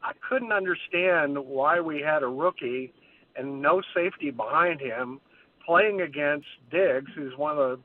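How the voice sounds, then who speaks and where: A man's voice: a little high, measured pace, no room sound. A man calling in to a sports radio show, friendly and earnest and a little rambling. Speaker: caller. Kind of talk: phone call to a radio show. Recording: tinny phone line.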